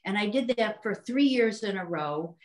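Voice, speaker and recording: A woman's voice: mid-range voice, moderate pace, poor audio. A woman in her sixties, a hockey coach and physical therapist, telling stories in a casual podcast chat, laughing often and acting out what people said. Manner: animated storyteller, laughs often, acts out voices.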